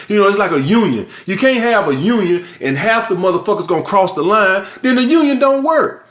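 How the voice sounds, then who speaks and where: A high-voiced middle-aged man talks straight to his viewers in a blunt, profane monologue, hammering his points home. His voice bounces around an echoey room. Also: animated, brisk, few pauses, fairly bright tone. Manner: profane, emphatic, lecturing. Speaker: vlog host.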